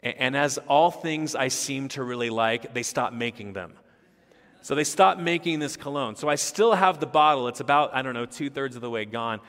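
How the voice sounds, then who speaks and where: A man's voice: medium pitch, moderate pace, fairly bright tone. A man in his thirties, a pastor preaching an expository sermon in an earnest, conversational way that rises into emphatic bursts. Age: 30s. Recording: long hall reverb.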